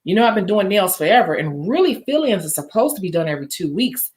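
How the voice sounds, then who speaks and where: A woman's voice: mid-range voice, lively intonation, fast talker, darkish tone. A woman teaching nail techs in a casual, chatty coaching tone, acting out a salon appointment with a client. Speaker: nail tech educator. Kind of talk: instructional chat with role-play demo.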